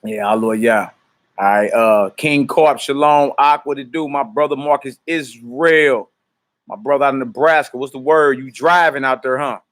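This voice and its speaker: Man greeting viewers in relaxed slang. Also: medium pitch, moderate pace. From United States. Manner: loose street-slang greetings, then chanting prayer lines loudly to be repeated. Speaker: minister leading a live-streamed teaching. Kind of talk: casual shout-outs and call-and-response prayer leading.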